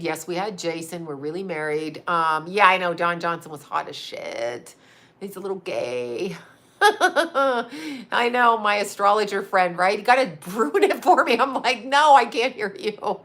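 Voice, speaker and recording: Bright-voiced, foul-mouthed woman rambling on. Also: medium pitch, lively intonation, moderate pace. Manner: profane, emphatic, rambling, repeats herself. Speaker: psychic medium and astrologer. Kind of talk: casual rambling monologue.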